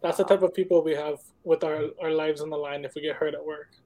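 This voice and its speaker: High-voiced Hawaii guy telling stories. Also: fast talker. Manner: animated storyteller, slangy. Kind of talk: casual chat, storytelling.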